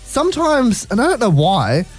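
A man's voice: extremely high pitch, wildly swooping pitch, normal speed, slightly rough, soft background music. A young Australian man hosting a radio show, chatting casually and teasing his co-host in playful banter.

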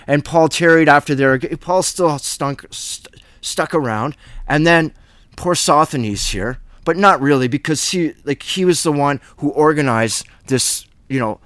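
Male bible teacher, slightly high voice, close dry mic, reads scripture then breaks into chatty asides. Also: fairly bright tone, no room sound. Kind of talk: casual verse-by-verse bible study.

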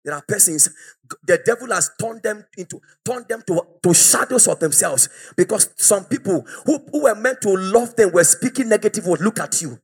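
A man preaching a fiery, exhorting sermon and often shouting out to the congregation. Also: high voice, animated, moderate pace, breathy edge.

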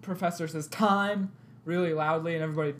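A young man co-hosting a podcast, telling an animated story with lots of laughter and loud outbursts. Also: on the high side, moderate pace, slight background noise. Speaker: podcast co-host. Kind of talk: casual chat, storytelling.

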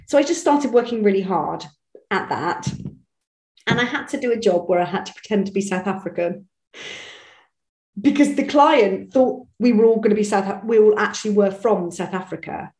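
A woman's voice: medium pitch, a little mellow. Chatty woman in an echoey room. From Bristol, England. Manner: chatty, self-deprecating, many restarts. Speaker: voice actress guest. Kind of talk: casual interview chat.

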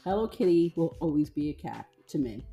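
A middle-aged woman co-hosting a casual chat, with a lowish, mellow voice. She tells stories with lots of energy and acts out each person she quotes, often jumping much higher in pitch. Soft music sits faintly under the talk. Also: animated, a little fast. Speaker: podcast co-host.

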